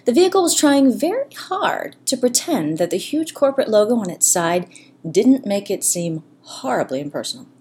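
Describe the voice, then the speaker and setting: A woman narrating a comic story in an expressive, playful way. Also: medium pitch, normal speed, slight background noise.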